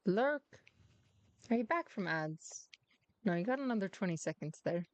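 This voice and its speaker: A woman's voice: mid-range voice, expressive, normal speed, dry recording. A woman streamer chatting casually with viewers as she plays, in a put-on Irish accent mixing Dublin with a hint of American, swearing freely and talking to her cat. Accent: put-on Irish, Dublin-ish with a hint of American. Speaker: game streamer. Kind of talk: casual gameplay chat with viewers.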